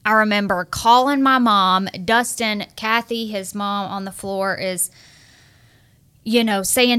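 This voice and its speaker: Young woman guest. Bright, clear voice; earnest, animated storytelling. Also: medium pitch, unhurried. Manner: earnest, animated, acts out quoted dialogue. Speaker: guest sharing her marriage story. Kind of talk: emotional personal storytelling.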